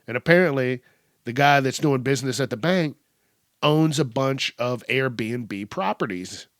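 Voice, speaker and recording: Profane, animated man hosting a podcast. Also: medium pitch, a little slow, dry recording, studio quality. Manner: profane, animated retelling with acted quotes. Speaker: podcast host. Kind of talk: casual news commentary.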